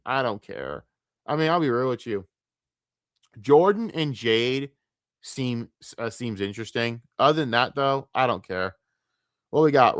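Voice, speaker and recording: A man from the United States ranting on a casual livestream, tired and frustrated, swearing freely and restarting his sentences. His voice sits in an ordinary middle pitch, close and dry on a desk mic with no room sound. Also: a bit bright, clear, resonant tone, no echo. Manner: frustrated, profane, rambling with repeated restarts. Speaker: streamer.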